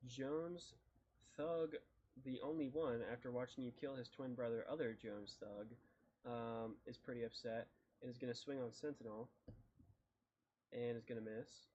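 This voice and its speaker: A man running a tabletop game as dungeon master, relaxed and halting, with many fillers and restarts. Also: medium pitch, slightly rough. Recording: dull lo-fi mic.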